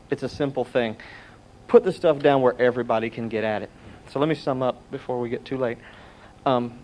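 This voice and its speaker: A middle-aged man preaching a sermon, telling stories and acting out the voices he quotes. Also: mid-range voice. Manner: animated storytelling, acts out quotes.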